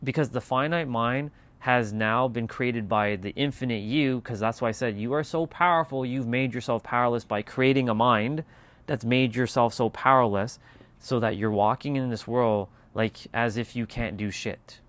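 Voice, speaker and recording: A man's voice: mid-range voice, normal speed, fairly bright tone, no room sound. A man hosting a casual motivational livestream, talking emphatically with lots of repetition and casual swearing. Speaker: channel host.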